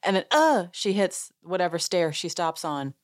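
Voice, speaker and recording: A woman's voice: on the low side, sing-song, moderate pace. A woman hosting a podcast, casually recapping a show as an amused, chatty storyteller who laughs and acts out what others said. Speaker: podcast host.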